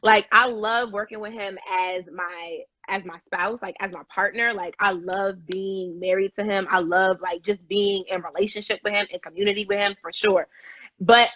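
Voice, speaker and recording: A woman's voice: mid-range voice, steady tone, normal speed, bright, forceful tone, no room sound. A woman guest on a live chat, talking enthusiastically and laughing. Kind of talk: casual live interview chat. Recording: dry, dull lo-fi video call audio.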